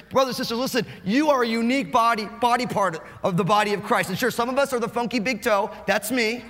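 A male pastor from New Jersey delivers a lively, humorous sermon at a quick clip. His voice sits high for a man. The sound rings with long reverb from a large hall. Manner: animated, fast-talking, joking.

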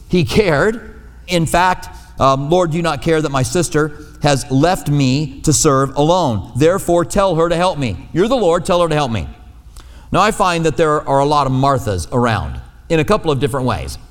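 A man's voice: fairly high pitch, expressive, normal speed, in a large hall. A man preaching a conversational sermon as pastor, acting out quoted voices along the way.

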